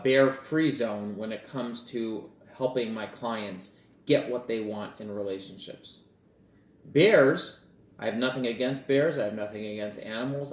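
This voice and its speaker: A man's voice: mid-range voice, echoey room, slight background noise. A man talking casually as a relationship coach, telling a story and acting out bits of dialogue. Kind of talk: casual talk to camera.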